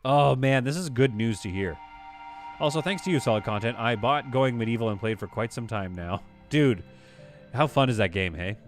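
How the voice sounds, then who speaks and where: Man, casual stream chatter, mid pitch, faint background music. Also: animated, moderate pace. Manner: chatty, rambling, reads chat aloud. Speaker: game streamer. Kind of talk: casual live-stream commentary.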